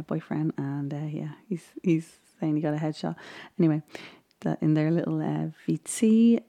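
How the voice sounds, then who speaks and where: A woman vlogger with a low, gravelly, dark-toned voice chats casually while recapping a baking show. She rambles, with frequent ums and little laughs.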